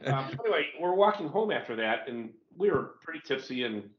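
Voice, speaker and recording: A man's voice: mid-range voice, brisk, roomy sound, muffled recording, slight background noise. A man telling a story in a casual chat alongside his wife, jumping in with jokey details. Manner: animated, jokey, interrupts to add details. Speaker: communications consultant guest.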